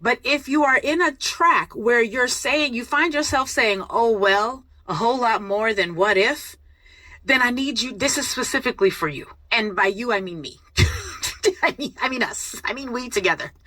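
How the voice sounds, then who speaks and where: A woman's voice: on the high side, animated, normal speed, sharp tone, no room sound. A middle-aged woman from the United States hosting a reflective motivational talk, thoughtful and self-deprecating. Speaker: host.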